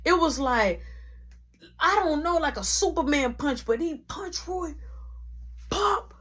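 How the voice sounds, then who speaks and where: A woman's voice: high voice, expressive, takes it slowly, a bit bright. A young adult woman telling a story in casual slang, full of sound effects.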